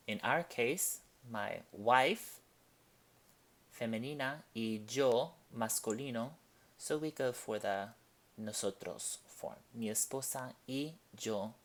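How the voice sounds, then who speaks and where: A man leads a language lesson at an unhurried, measured pace. His pitch sits in the ordinary middle range for a man. He explains each point deliberately and reads out example sentences with care. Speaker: Spanish teacher. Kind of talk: classroom-style language lesson.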